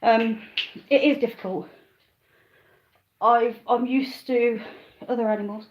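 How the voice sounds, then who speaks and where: A woman's voice: mid-range voice, moderate pace, long pauses, darkish tone, a little hiss or hum. A woman chatting casually on a live stream from her phone at home, easily sidetracked while she talks to viewers and calls her dogs. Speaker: livestreaming vlogger. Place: living room of a rented house, indoors. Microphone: handheld phone, then a phone stand.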